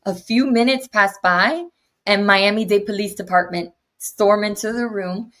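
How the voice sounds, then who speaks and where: A young adult woman, an interview guest, retelling a personal story in an animated way and acting out what others said. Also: medium pitch, unhurried. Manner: animated retelling with acted quotes.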